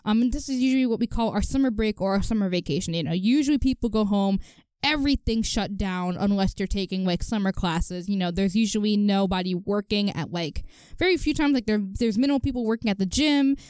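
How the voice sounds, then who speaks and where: A woman's voice: mid-range voice, brisk, few pauses, darkish tone, clean tone, dry recording. A young woman co-hosting a podcast in casual chat, chatty with lots of "you know" and frequent laughs. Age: young adult. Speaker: podcast co-host.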